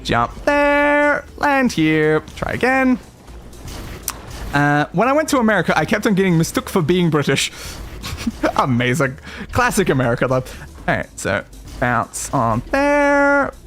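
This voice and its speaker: A young Australian man gives running commentary as he plays, coaching himself through jumps and chatting with viewers. His voice sits high and swings up and down a lot, with faint music underneath. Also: sing-song, a little slow, long pauses, fairly bright tone. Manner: chatty, self-coaching, talks to chat. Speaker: streamer. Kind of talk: casual gameplay commentary.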